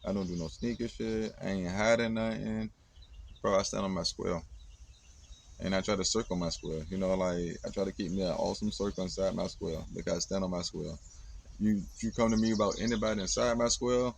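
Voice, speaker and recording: A man's voice: sits low, fairly even intonation, brisk, vocal fry, slight background noise. A man in his thirties, hosting a podcast, talking casually and rambling bluntly with plenty of swearing. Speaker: podcast host. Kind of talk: casual monologue.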